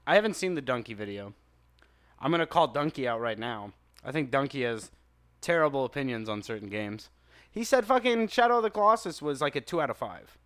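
A man in casual chat about video games, animated and swearing freely. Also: medium pitch, brisk. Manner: animated, frequent swearing and laughing.

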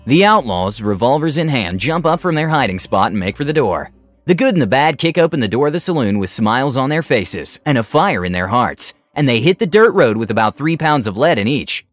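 A man narrating a scripted tabletop game story in an animated way, putting on voices for characters. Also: mid-range voice, brisk, no room sound, soft background music.

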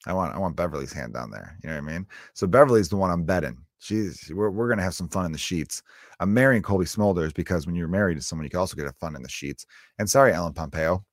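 A male comedian talking solo on his podcast, loose and rambling with jokey asides. His voice sits a bit low, and the sound is dry and close with no room around it. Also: fast, dry recording. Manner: rambling, joking, animated asides.

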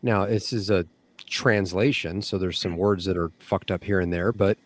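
A man's voice: sits low, steady tone, moderate pace. A male podcast co-host speaking bluntly in casual chat, with free swearing.

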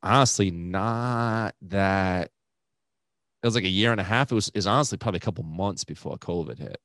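A man's voice: deep voice, normal speed, a bit bright, no echo, studio quality. A young man with a Rhode Island accent, a stand-up comedian chatting casually on a podcast in profane, self-deprecating rants.

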